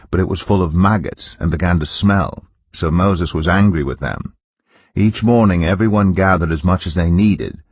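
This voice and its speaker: A man giving a calm, measured Bible reading in a scripted style. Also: sits low, slightly rough, no echo. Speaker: Bible reader.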